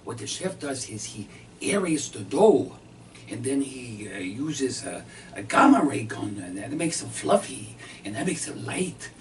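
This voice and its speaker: A man's voice: medium pitch, big pitch swings, measured pace. A man voicing a polite, eager male waiter who explains things courteously. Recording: distant mic, faint noise.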